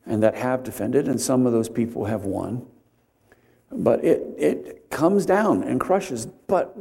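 A man preaching an expository sermon, deliberate and conversational, pausing to stress key words and drifting into homely asides. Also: fairly high pitch, dark tone.

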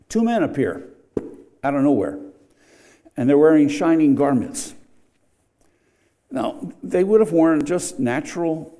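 A man's voice: mid-range voice, warm tone. A middle-aged man preaching a sermon in a conversational way, with asides and restarts. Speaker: pastor.

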